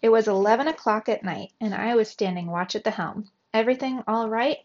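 Woman, teacher, storybook read-aloud, lively narration, muffled recording. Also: mid-range voice, fairly quick.

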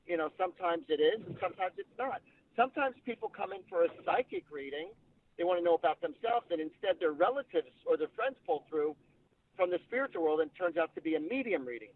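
A man's voice: sits high, fast talker. Tinny-sounding man telling psychic stories. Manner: animated anecdotal storytelling, acts out quotes. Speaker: psychic medium guest. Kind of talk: storytelling interview. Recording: tinny phone-like line.

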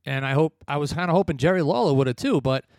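A man's voice: a little high, expressive, fast talker, darkish tone, dry recording, clean studio sound. A man co-hosting a casual wrestling chat, rambling and blunt, often laughing at his own remarks. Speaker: podcast co-host.

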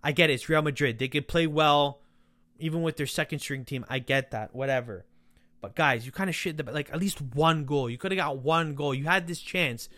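A man hosting a football podcast, ranting sarcastically and swearing as he talks to the players directly, his voice worn from yelling. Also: fairly high pitch, brisk, dry recording. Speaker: podcast host. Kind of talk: casual football rant.

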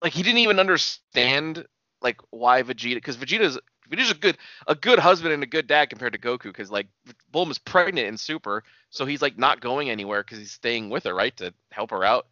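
Bright-voiced man in lively casual chat. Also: mid-range voice, fairly quick, dry recording, dull audio. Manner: loose, laughing, swears freely, retells scenes.

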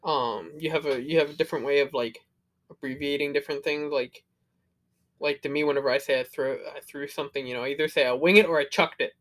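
A man's voice: on the high side, steady tone, fast, a bit bright. A young man co-hosting a podcast in casual chat, laid-back, laughing easily and swearing casually. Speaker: podcast co-host.

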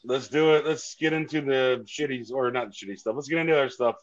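A man co-hosting a podcast in casual chat, even-tempered and measured, talking over headphones on an online call. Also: medium pitch. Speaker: podcast co-host. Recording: dull, dry lo-fi call audio.

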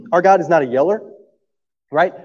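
A man preaching in a church with a fairly high, mellow voice. He keeps it conversational and keeps asking "right?" to check on the room, with a cough here and there. The sound is dull and carries a long hall reverb. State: coughing through the talk. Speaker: pastor. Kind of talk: sermon. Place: church sanctuary.

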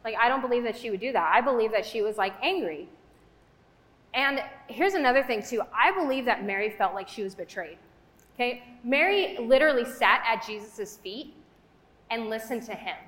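A young woman with a fairly high voice preaches in a relaxed, conversational way, peppering her talk with fillers. Her voice rings out in a roomy hall with a long, trailing reverb. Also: normal speed. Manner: chatty, conversational, with frequent fillers. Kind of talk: casual sermon.

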